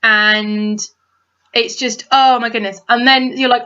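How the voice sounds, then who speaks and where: Excitable bright-voiced woman. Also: measured pace, clear, resonant tone. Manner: excitable, animated storytelling with big pitch swings. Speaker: podcast co-host. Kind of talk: casual film review chat. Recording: dull lo-fi home recording.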